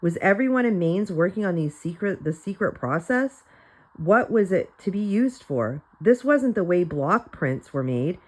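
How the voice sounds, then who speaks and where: Woman reader, slightly low voice, plain storytelling for a class. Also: lively intonation, a little slow, rough recording. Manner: plain storytelling with light character voices and small slips. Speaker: reader of a children's novel. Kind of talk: reading a chapter book aloud for students.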